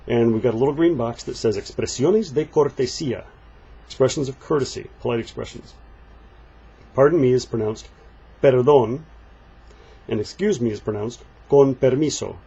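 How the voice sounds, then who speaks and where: A man walking through a Spanish textbook page, patiently explaining and reading the example phrases slowly. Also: medium pitch, vocal fry, mellow, husky, lo-fi sound. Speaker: Spanish teacher. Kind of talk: textbook walkthrough lesson.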